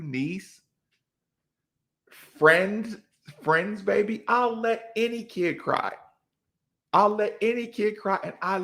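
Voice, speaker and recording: A man hosting a casual chat, telling a story in an animated way, acting out quotes with big jumps in his voice. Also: on the high side, gravelly. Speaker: podcast host.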